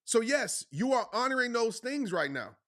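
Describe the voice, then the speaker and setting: A man's voice: extremely high pitch, sing-song, normal speed, sharp tone. A man hosting a livestreamed motivational talk, speaking passionately and pushily, repeating phrases for emphasis with casual slang. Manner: casual slang, addresses the audience as y'all.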